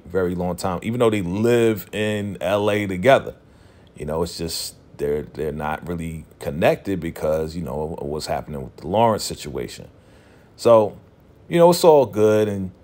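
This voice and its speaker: A man with a fairly low voice giving a loose, chatty recap of a TV episode. He retells the scenes with lots of energy, slips into the characters' lines as he goes, and laughs often. His talk is slangy and full of "you know" and "right.". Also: darkish tone. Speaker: TV recap vlogger.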